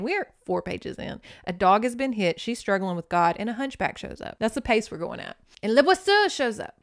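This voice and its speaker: A woman hosting a podcast, casually and playfully recapping a novel with joking, dramatic asides. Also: medium pitch. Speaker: podcast host. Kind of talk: casual book recap and reading aloud.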